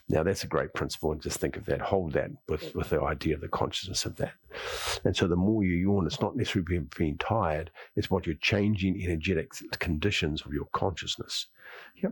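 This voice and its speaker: A man's voice: sits low, breathy edge, dry recording. A man teaching a qigong class, guiding breathing and moves, then rambling through his own theories and often saying "yep". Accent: Australian. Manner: rambling, repeats words, says "yep" often. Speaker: qigong instructor. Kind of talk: guided exercise class with talk.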